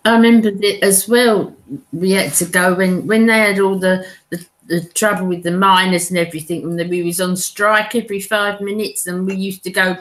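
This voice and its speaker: A woman's voice: medium pitch, fairly even intonation, normal speed, low-quality recording. An older woman calling into a livestream, chatting and reminiscing casually. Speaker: caller on a livestream. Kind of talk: casual chat.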